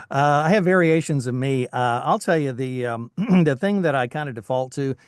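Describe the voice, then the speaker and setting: A middle-aged voice actor from Tennessee with a faint Southern accent, chatting casually in an interview with lots of restarts. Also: male voice, medium pitch, expressive, moderate pace, smooth, no room sound, studio quality. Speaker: voice actor, guest.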